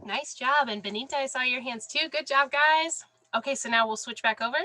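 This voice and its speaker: Bright, encouraging woman teaching online. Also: high voice, a little fast, rough recording. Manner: encouraging, praising students by name. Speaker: sign language teacher. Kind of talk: online class instruction. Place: home, with a dog under the desk. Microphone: video call.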